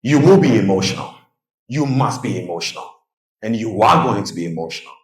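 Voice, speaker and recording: In a hall before a live audience, a man gives a seminar on trading psychology, telling stories and putting questions to listeners. His lowish voice swings widely in pitch and runs a little fast, with roomy echo.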